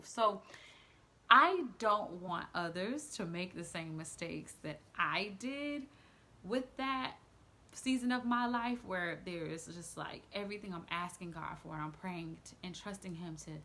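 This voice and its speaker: A woman's voice: on the low side, a little slow, sharp tone. A woman sharing her faith testimony in an earnest, chatty vlog, full of casual fillers and close to tears at times.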